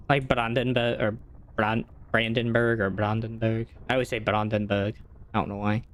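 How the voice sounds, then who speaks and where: A man's voice: fairly low pitch, fairly even intonation, normal speed, fairly bright tone. Chatty man streaming a game. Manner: chatty, answers chat between game reactions. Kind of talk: casual chat while gaming.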